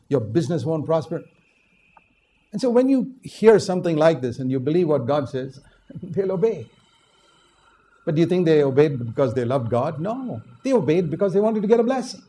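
Emphatic older preacher from India, mellow voice. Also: male voice. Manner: emphatic, swings from low asides to loud exhortation. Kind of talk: sermon.

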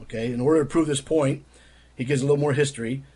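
A man's voice: mid-range voice, steady tone, quick pace, warm tone, breathy edge. A man giving argumentative commentary in an emphatic tone, quoting another speaker and answering with rhetorical questions. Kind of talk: critical commentary on quotes read aloud.

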